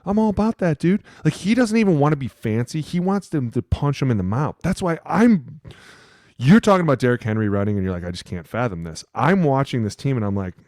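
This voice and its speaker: A man co-hosting a football podcast, a former lineman telling stories in animated, profane casual chat. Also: on the high side, brisk, no echo, clean studio sound.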